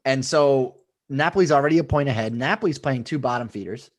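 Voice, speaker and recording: A man's voice: medium pitch, fairly quick. A man co-hosting a casual football podcast, laid-back and joking, with some swearing. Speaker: podcast co-host. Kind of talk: casual sports chat.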